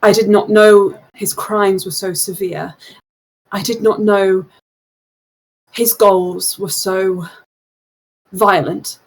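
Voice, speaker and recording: A woman voicing a secretive, nervous man in a cloak who pleads earnestly in halting confession, with a husky voice. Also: medium pitch, steady tone, low-quality recording. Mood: confessing.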